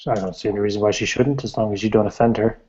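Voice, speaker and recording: A man's voice: on the low side, fairly even intonation, rapid-fire, mellow. A man narrating as game master, describing scenes in a matter-of-fact way. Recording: dull lo-fi recording.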